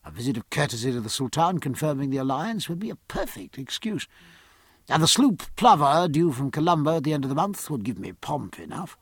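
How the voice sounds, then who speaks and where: A man's voice: fairly high pitch, husky, dry recording. A man voicing a genial colonial governor.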